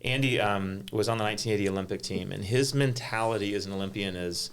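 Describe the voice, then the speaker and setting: Middle-aged guy telling stories on a panel, lowish voice, says like a lot. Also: fast talker, clear, resonant tone. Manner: animated, frequent "like" fillers. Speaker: golf tournament director. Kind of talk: panel conversation, storytelling.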